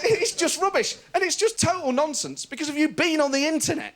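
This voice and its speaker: A man's voice: extremely high pitch, normal speed, pauses often, a little hiss or hum. A man hosting a comedy show, delivering a mocking stand-up monologue. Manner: animated, mocking, laughing asides. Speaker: comedian host.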